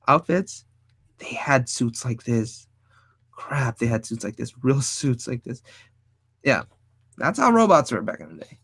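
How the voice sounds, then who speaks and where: A man teaching design while he draws, thinking aloud in a casual, rambling way, often hunting for the right word and sometimes speaking low. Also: gravelly, dry recording. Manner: speaks fairly low and quiet at times. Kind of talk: casual drawing tutorial talk.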